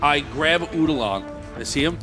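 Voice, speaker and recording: A man with a slightly high voice plays in a tabletop game. He pleads and repeats himself. Music sits behind him. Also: lively intonation, normal speed. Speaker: player. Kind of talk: tabletop role-play. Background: background music.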